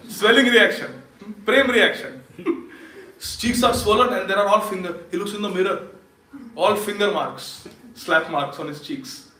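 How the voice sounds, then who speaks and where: A man giving a lively storytelling sermon at a temple feast, laughing often and quizzing his audience. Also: high voice, a little slow. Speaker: speaker at a temple Sunday feast. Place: temple hall. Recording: echoey hall, distant mic.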